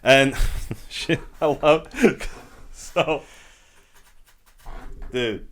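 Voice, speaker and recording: A man's voice: medium pitch, very slow, fairly bright tone. A man co-hosting a podcast, casually recapping a movie in a rambling way and acting out its lines. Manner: rambling, acts out movie quotes. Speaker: podcast co-host. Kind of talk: casual movie review chat.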